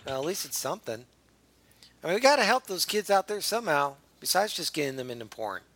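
A man hosting a loose comedy podcast, his voice sitting a little high. He is blunt, swears freely and laughs easily. The sound is dry and close-miked. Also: very animated, fast, bright, forceful tone, no room sound. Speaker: podcast host. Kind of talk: casual comedy podcast chat.

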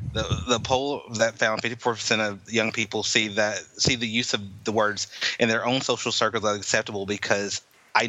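Bright, dry-voiced man reading news. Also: lowish voice, no room sound, poor audio. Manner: reads with many fillers. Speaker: podcast co-host. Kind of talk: casual chat, reading news.

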